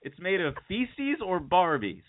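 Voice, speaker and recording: A man hosts a casual radio chat, rambling through restarts and breaking into giggles. His voice sits a bit high. The sound is thin and phone-like. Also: huge pitch swings, a little slow. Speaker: radio show host. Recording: tinny phone-like line.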